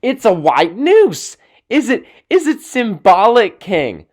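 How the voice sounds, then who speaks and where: A man impersonating an overexcited male wrestling commentator, shouting in a raised, high-pitched voice. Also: lively intonation, a little slow.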